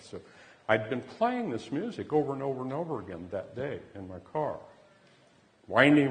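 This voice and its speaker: Man, low voice, earnest storytelling, loud then hushed, long reverberant hall. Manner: earnest, swings from loud bursts to hushed near-whispers. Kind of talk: personal anecdote.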